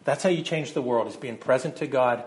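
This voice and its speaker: A man's voice: medium pitch, fairly quick. A middle-aged man preaching a sermon in a conversational way, often repeating words as he starts his sentences. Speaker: pastor.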